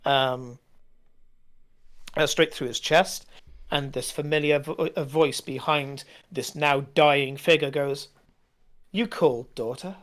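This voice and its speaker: A man narrating as game master, halting with frequent fillers as he describes scenes. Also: on the high side, flat delivery, a bit bright.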